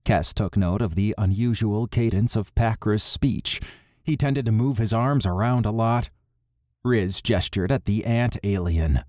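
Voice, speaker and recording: Low-voiced male audiobook narrator. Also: a little slow, a little mellow, no echo, studio quality. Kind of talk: scripted narration.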